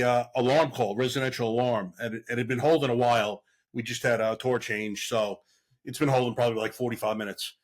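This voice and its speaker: Middle-aged man telling lively cop stories. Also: medium pitch. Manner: animated storyteller who acts out quoted voices. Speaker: podcast guest, veteran police officer. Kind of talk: casual storytelling.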